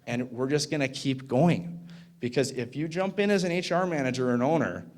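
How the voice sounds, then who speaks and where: A man's voice: medium pitch, fairly quick, darkish tone. A man in his thirties speaks to a conference audience. He tells a story in a loose, chatty way, full of fillers. He keeps checking in with the room. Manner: casual, filler-heavy, asks the audience "right?". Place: conference hall.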